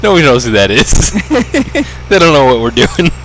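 A man's voice: a little high, huge pitch swings, normal speed, a bit bright, a little hiss or hum, rough recording. A man hosting a casual gaming commentary, joking and laughing often. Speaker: host.

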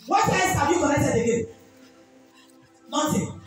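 A woman's voice: high voice, big pitch swings, measured pace, long pauses. A woman pastor with a Nigerian accent leading a deliverance ministration, issuing repeated rebuking commands. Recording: echoey church hall from far off with music.

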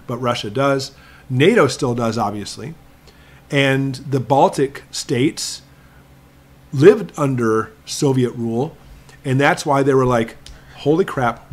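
A man hosting a prepping live stream, answering viewer questions in a talkative, emphatic lecturing manner that slows down to stress points. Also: medium pitch. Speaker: prepping channel host.

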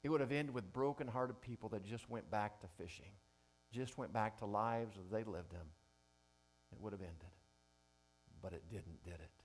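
A man preaching an Easter sermon as pastor, earnest and falling to a soft, quiet emphasis on key lines. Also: on the low side, normal speed. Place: church service streamed online.

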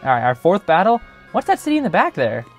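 A man's voice: high voice, huge pitch swings, fast, soft background music. A young man hosting a gaming channel, giving chatty, joking gameplay commentary full of filler words.

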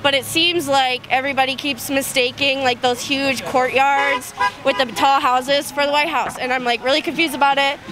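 A woman with a high voice makes her case outdoors in an earnest, rambling way. She hesitates often as she goes. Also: little pitch movement, moderate pace, rough recording. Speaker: protester. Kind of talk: street argument. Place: outdoors by a street.

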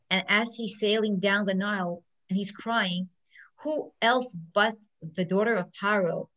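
A woman's voice: medium pitch, poor audio. A middle-aged woman who is a judge, giving an inspirational talk full of stories and acting out what people said. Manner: animated storyteller who acts out quotes.

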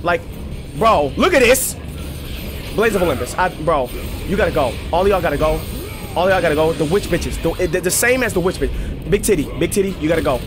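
A young man commentating his own gameplay, excitable and profane, trash-talking enemies and shouting at the screen. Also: fairly high pitch, brisk. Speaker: gaming channel host. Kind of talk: let's play commentary. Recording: game music clearly behind the voice.

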